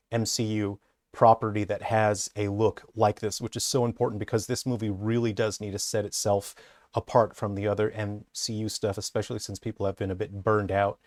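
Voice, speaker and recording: A man's voice: lowish voice, darkish tone, dry recording, clean studio sound. A man working as a character designer, giving an enthusiastic, rambling commentary full of hesitations. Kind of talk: casual commentary breakdown.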